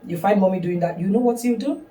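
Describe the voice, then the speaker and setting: A woman's voice: mid-range voice, quick pace, warm tone. A middle-aged woman, hosting a podcast and speaking reassuringly as a mother. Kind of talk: casual podcast chat. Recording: echoey room, far from the mic.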